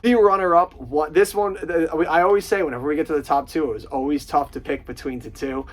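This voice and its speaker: A man's voice: a little high, fairly even intonation, fast talker, poor audio. A man hosting a casual movie countdown, swearing often and gushing about his favorite comedies. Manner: profane, enthusiastic, quotes lines in put-on voices. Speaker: host.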